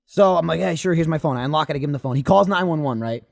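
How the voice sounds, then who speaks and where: A young man on a podcast telling a story in casual chat, animated, swearing and acting out the quotes. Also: fairly high pitch, racing, vocal fry. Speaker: podcast regular.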